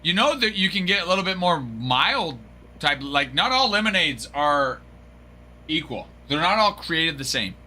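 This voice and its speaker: Man, stream host, keen and very bright tone, slightly high, laughs a lot, chats with viewers by name. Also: sing-song, normal speed, a little hiss or hum. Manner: joking, laughs often, answers viewers by name. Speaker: card break livestream host. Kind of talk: casual livestream chat.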